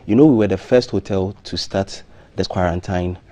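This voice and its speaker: A man, a hotel marketing manager, interviewed as a guest on a live breakfast TV show, speaking in a measured way with frequent ums and restarts. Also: deep voice, dark tone. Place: TV studio.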